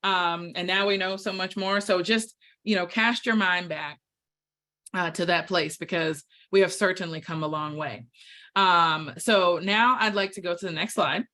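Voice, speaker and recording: A woman's voice: fairly low pitch, steady tone, normal speed, sharp tone. A woman presenting at a staff town hall over a video call, heartfelt and chatty with plenty of fillers.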